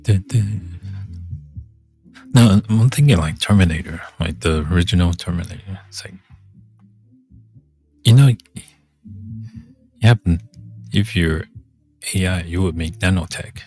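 A man's voice: low voice, unhurried, pauses often, darkish tone, soft background music. A man talking casually in a meandering monologue, breaking off and humming filler tunes. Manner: meandering, self-interrupting, hums filler tunes.

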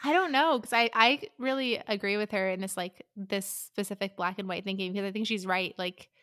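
A young woman co-hosts a casual podcast chat and recaps scenes with opinionated energy. Her voice is bright and forward. The sound is close and dry. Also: mid-range voice, brisk, no echo. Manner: opinionated, animated retelling with quoted voices. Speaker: podcast co-host. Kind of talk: casual chat discussing a romance book.

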